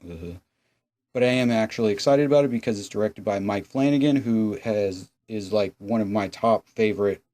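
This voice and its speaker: A man's voice: fairly low pitch, warm tone. A young man hosting a casual, sarcastic, profane episode recap. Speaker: host.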